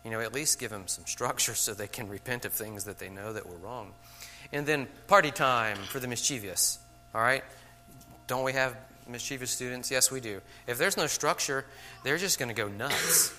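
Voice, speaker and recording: A man's voice: medium pitch, normal speed, sharp tone, a little hiss or hum. A man giving a conversational lecture to teachers, checking in with "okay?" after many points and acting out classroom scenes. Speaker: teacher trainer.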